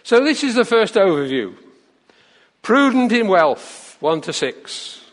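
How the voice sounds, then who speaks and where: Lively preacher with an animated voice. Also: male voice, high-pitched, slow pace. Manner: lively, storytelling with expressive swings. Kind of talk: sermon with a read-aloud story. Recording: long reverb of a large church hall.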